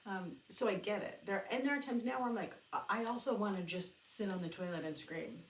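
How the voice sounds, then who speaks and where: A woman in her thirties hosts a casual solo podcast, rambling candidly and swearing now and then in a medium-pitched voice at a brisk pace. She sounds far from the mic in a reverberant space, with a little hiss or hum.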